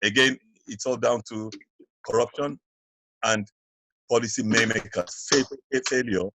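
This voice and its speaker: A man from Nigeria, a guest educator on a podcast, speaking haltingly and often restarting words. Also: mid-range voice, steady tone, pushed and bright, no room sound, rough recording. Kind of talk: casual discussion.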